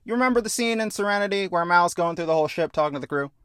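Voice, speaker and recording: A man hosting a podcast, animatedly pitching a film story and acting out scenes. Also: clear, resonant tone, no echo, clean studio sound. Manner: animated, acts out scenes in quick voices. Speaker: podcast host. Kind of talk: casual pitch of a story idea.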